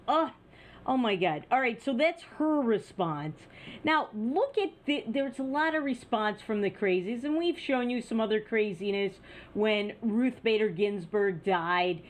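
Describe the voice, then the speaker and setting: A woman hosting an opinion news show, talking in a scornful, sarcastic way. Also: a little high. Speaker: news commentary host. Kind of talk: opinion commentary.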